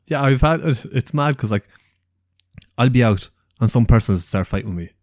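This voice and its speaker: A young man on a podcast, relaxed and casual, swearing freely. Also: mid-range voice, fairly quick, dry recording, clean studio sound. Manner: relaxed, swears freely, short backchannel replies. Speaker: podcast co-host. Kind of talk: casual chat.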